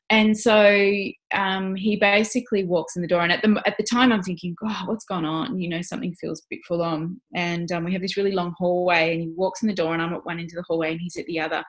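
A woman, telling a personal story as an interview guest, heartfelt and full of "you know" fillers and restarts. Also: lowish voice. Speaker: parenting instructor guest.

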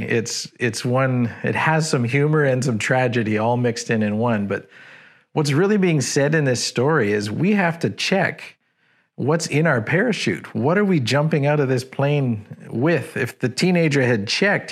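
A man preaching a sermon in a conversational, storytelling way, often repeating words as he thinks. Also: mid-range voice.

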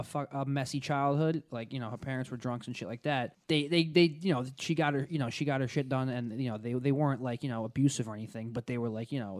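A young man, a stand-up comedian, in casual podcast chat, rambling with lots of fillers and swearing. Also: mid-range voice. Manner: rambling, profane, many fillers and restarts.

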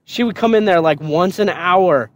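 A man's voice: high voice, moderate pace, no echo. A man casually telling a story on a podcast, swearing often and laughing.

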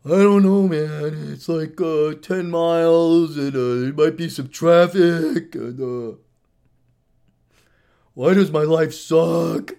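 A man's voice: a little high, slow pace, gravelly, dark tone. A man voicing a whiny, lazy male friend who makes excuses.

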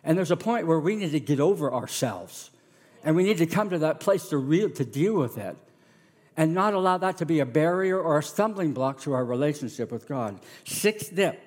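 A middle-aged man preaching a sermon as a pastor, animated and acting out the voices of the people in his story. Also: fairly high pitch, moderate pace, in a large hall. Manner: animated, acts out voices of characters.

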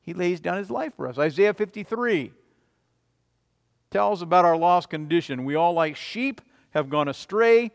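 A man preaching a sermon as a pastor, emphatic, swinging between loud declarations and quiet, low passages. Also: lively intonation, normal speed, vocal fry, big-room sound. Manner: emphatic, rising and falling in volume.

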